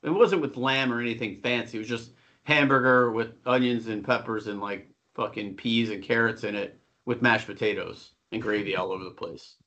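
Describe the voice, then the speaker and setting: A middle-aged man from Buffalo, New York, co-hosts a podcast, spinning rambling, profane stories in casual chat. His mid-range voice runs at normal speed, sounding pushed and bright, though the recording is muffled.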